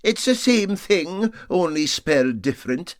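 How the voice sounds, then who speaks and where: A man's voice: high voice, very animated, a little slow, dry recording, studio quality, voice pushed up. Man doing a pompous Scottish ship's mate. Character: pompous male ship's mate, word-mangling.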